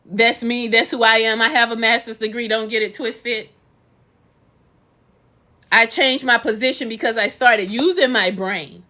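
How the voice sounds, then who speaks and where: A woman rants casually to her live viewers through a phone. Her voice sits high and sounds bright and forceful. She leans on emphatic, sing-song repetitions to drive each point home. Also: steady tone, a little slow. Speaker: livestreamer and real estate instructor. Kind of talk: casual livestream rant.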